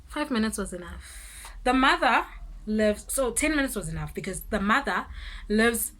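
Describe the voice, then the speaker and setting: A South African woman in her twenties telling an animated storytime vlog, switching languages and breaking into loud exclamations. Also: a little high, moderate pace, noisy background. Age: 20s. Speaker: vlogger.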